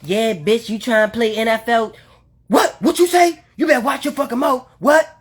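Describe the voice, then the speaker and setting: Мужчина пародирует грубого, вспыльчивого родителя, который резко огрызается и бахвалится. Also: male voice, high voice, fairly quick, fairly bright tone, pitched above the performer's own voice. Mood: mocking. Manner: coarse, bragging, snapping. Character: crude loud-mouthed parent, foul-tempered.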